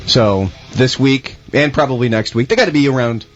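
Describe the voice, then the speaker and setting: Man, radio co-host, wisecracking banter, mid pitch, faint music. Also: normal speed, lo-fi sound.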